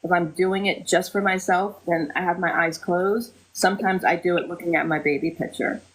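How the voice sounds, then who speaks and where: A woman's voice: on the low side, steady tone, normal speed. Chatty woman hosting a spiritual live stream. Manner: chatty, with frequent ums and soft mantra recitation. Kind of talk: casual live-stream teaching.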